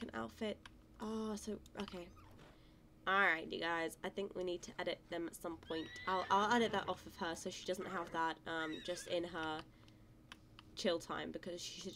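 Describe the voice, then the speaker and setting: A woman giving casual let's-play commentary, excitable and gushing, cooing over cute animals. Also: mid-range voice, a little hiss or hum. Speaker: gaming channel host.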